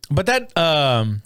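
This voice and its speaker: A man, a stand-up comic, chatting crudely on a podcast, laughing often and telling animated stories. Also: on the high side, vocal fry, no room sound, clean studio sound. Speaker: podcast co-host. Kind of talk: casual comedian chat.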